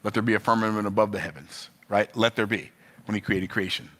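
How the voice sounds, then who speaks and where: A man's voice: fairly even intonation, quick pace, fairly bright tone. A man preaching a sermon, asking the listener questions and swinging his voice up and down. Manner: rhythmic preaching, rising and falling in pitch.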